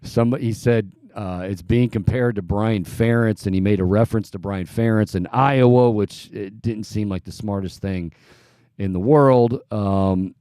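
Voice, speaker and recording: A man's voice: fairly low pitch, moderate pace, mellow, smooth, dry recording, clean studio sound. A man hosting a sports talk radio show in a casual, chatty way, often restarting his sentences.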